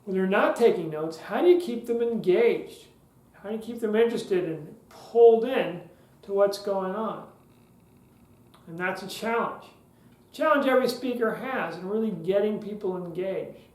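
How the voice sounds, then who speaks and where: A man's voice: high-pitched, expressive, moderate pace, a little mellow. Man coaching public speaking, roomy echo. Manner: conversational, with joking asides. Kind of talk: solo podcast lesson.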